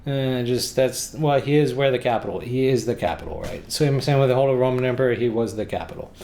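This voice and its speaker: A man's voice: mid-range voice, fairly quick, mellow, a little hiss or hum. An American man talking about his travel guidebook in a casual, rambling way, with sarcastic jokes and frequent restarts. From United States. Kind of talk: casual rambling vlog talk.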